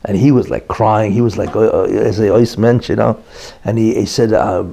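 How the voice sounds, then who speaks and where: A rabbi teaching a Torah class in a loose, chatty way, with "you know" every few phrases. He acts out the people in his story as he goes. His voice sits at a middle pitch with a mellow, dark tone. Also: moderate pace, creaky, breathy edge. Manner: conversational, many fillers like "you know"; acts out quoted characters in the story. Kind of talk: informal Torah lecture with storytelling.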